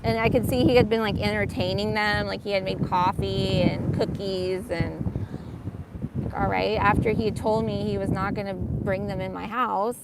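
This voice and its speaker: A woman's voice: mid-range voice, fairly even intonation, moderate pace, creaky. A woman telling a rambling personal story in a casual, filler-heavy way. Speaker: vlogger. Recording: loud wind noise on mic.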